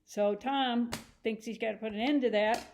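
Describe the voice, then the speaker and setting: A woman teacher retelling a story in a chatty, animated lesson, acting out the scenes as she goes. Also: fairly high pitch, moderate pace, a little hiss or hum. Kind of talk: casual lesson retelling a novel.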